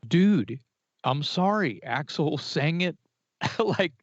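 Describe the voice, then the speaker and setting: A man's voice: a little high, extremely slow, no echo. A man talks music with plenty of opinion, circling back on his words as he goes. His recording is dry and a bit muffled, like a home podcast setup. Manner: opinionated, animated, with restarts and fillers. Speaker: podcast co-host. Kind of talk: casual music chat. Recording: dry, slightly dull podcast audio.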